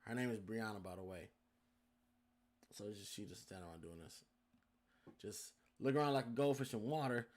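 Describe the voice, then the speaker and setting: Lively, cussing young guy telling a story. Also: fairly low pitch, moderate pace, long pauses. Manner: animated, profane, addresses listeners as y'all. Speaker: podcast host. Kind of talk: casual storytelling.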